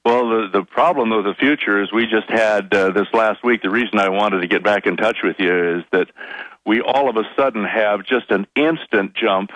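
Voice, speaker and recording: A man calling into a radio show as a guest, explaining plainly with some halting restarts. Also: on the low side, fairly bright tone, dry recording, poor audio. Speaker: guest, food company owner. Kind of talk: radio interview.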